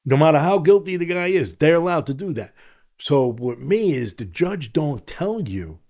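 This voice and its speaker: A man's voice: fairly high pitch, moderate pace. A man, a podcast guest telling his life story and acting out what other people said. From New York. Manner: animated storyteller who acts out other people's lines.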